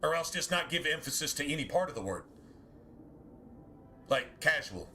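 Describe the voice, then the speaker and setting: Bright-voiced man musing aloud. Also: a little high, expressive, normal speed, slight background noise. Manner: rambling, musing, self-correcting, swears casually. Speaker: game streamer. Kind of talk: casual chat with stream viewers.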